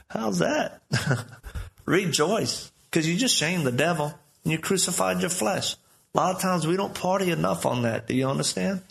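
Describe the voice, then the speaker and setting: A man's voice: sits high, vocal fry, fairly bright tone. A man preaching a live sermon in a conversational, storytelling way.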